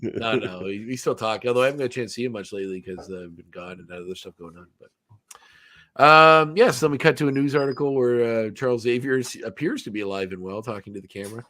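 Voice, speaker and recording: A man's voice: medium pitch, quick pace, bright, forceful tone, no echo, clean studio sound. A man hosting a podcast in casual chat, rambling and laughing easily as he talks. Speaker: podcast host.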